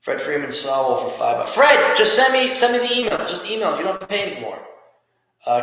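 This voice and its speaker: A man's voice: high voice, very animated, a little fast, gravelly, pushed and bright. A man hosting a podcast, giving blunt, profane career advice in a casual rant. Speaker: podcast host. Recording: echoey room with long reverb.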